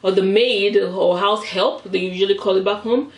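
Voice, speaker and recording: A woman's voice: medium pitch, normal speed. Nigerian woman telling a dramatic story. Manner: animated, dramatic retelling, acts out voices. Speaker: vlogger. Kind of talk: storytime chat while eating. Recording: roomy, mic at a distance.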